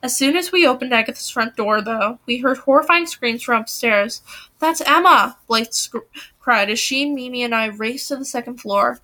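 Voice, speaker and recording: A young woman reading a novel aloud, lifting her voice for the characters' shouted lines. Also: fairly high pitch, normal speed. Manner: reads with lively acted dialogue, voice rising for quoted shouts. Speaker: reader of a novel.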